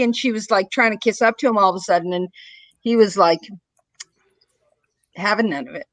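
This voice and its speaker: A woman in casual political chat, retelling a TV exchange in an animated way and acting out the quotes. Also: medium pitch, a little fast, pauses often, dry recording. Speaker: show panelist.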